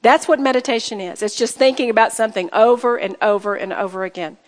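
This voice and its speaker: A woman's voice: a little high, fast. A woman giving earnest, emphatic Bible teaching to a women's gathering, rising to fervent declarations. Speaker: women's retreat speaker. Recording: reverberant hall recording.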